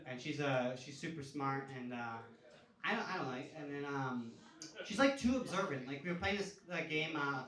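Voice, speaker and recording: A man in his thirties telling stories in a stand-up comedy set, casual and conversational, now and then breaking into loud yelling for the punchline. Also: on the high side, animated, moderate pace. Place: comedy club stage before a laughing audience. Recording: roomy club sound, caught from a distance.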